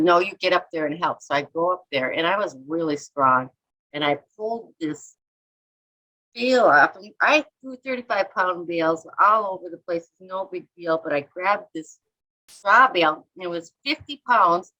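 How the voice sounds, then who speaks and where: Over a low-quality recording, a middle-aged woman from Minnesota speaks at a normal speed with a fairly low pitch, lively intonation and a sharp tone. An artist and author, she tells rambling stories in a casual, chatty interview, voicing quotes and her own inner talk.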